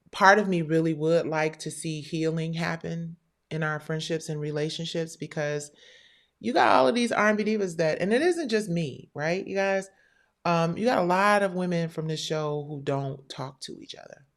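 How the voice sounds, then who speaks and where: A woman hosting a live stream show, telling a story in a candid, blunt and profane way. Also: deep voice. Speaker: livestream show host. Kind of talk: casual livestream talk.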